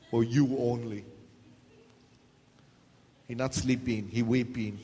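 A man pastor, preaching a joking sermon, laughing often and acting out quotes. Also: medium pitch. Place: church hall. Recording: long hall reverb, faint noise.

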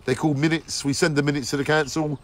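A man, hosting a daily live show and warmly giving repeated shout-outs to viewers by name. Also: on the high side, little pitch movement, quick pace, rough recording. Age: 40s. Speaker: live-stream host.

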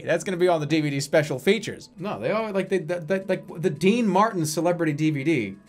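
A man's voice: a little high, lively intonation, quick pace, few pauses. A man in his thirties, a livestreamer rambling through a casual chat and swearing freely. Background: faint music.

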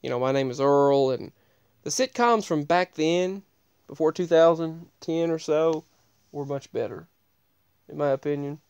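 Give me a rambling man telling a casual story, his voice smooth and a bit high, with plenty of restarts. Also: measured pace, a little mellow, no room sound, dull audio. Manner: rambling, digressive, frequent restarts.

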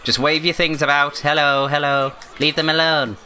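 Bright-voiced man playing a game. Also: on the high side, level tone, moderate pace, a little hiss or hum. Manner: chatty, flustered and apologetic. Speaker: let's play host. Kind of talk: casual gaming commentary. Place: at home with a barking dog.

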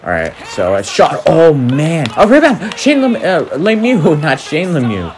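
A man's voice: on the high side, measured pace, noisy background. A young man doing play-by-play commentary while he plays a video hockey game, calling goals like a sportscaster and yelping and groaning at the action. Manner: excitable, mock sportscaster calls, yelps and groans. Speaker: gaming YouTuber. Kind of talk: live play-by-play gaming commentary.

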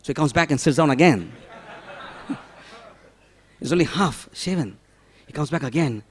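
A man preaching a devotional sermon, storytelling with dramatic swings from loud pleading to hushed whispers and frequent rhetorical questions. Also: a little high, lively intonation, normal speed, husky.

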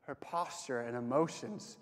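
A young man giving a casual sermon to a campus group, talking conversationally with lots of fillers and letting his phrases trail off softly. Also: medium pitch, a little slow. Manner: conversational, frequent "like" fillers, dips soft at phrase ends. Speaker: campus ministry speaker. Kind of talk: casual sermon with personal stories. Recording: long hall reverb.

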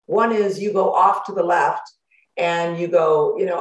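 A woman hosting a motivational self-help talk as a life coach. She speaks in an animated way, acts out worried inner thoughts and laughs often, through a computer microphone. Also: lowish voice, measured pace. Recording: roomy echo.

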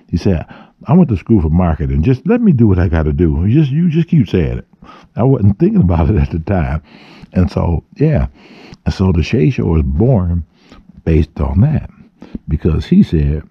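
A man's voice: low-pitched, mellow, husky, no echo. A man telling a long, profane personal story in a casual vlog, often voicing quotes. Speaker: vlogger. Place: dark room.

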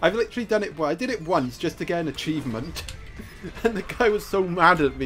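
Gamer, casual commentary, lively jumpy pitch, joking, faint game music behind. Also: fast. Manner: joking, excitable, playful sing-song asides. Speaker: gameplay commentator.

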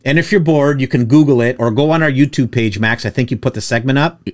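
A man's voice: medium pitch, fast talker. A man hosting a casual podcast about towing, telling stories and acting out what others said in raised voices. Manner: storytelling, jokey, acts out quotes in raised voices. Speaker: podcast host, tow truck operator. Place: studio with producer present.

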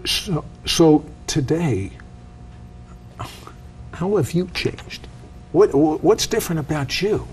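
A man hosting an interview, asking gentle, prompting questions about faith. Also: on the high side, animated, slow, pauses often, a little hiss or hum.

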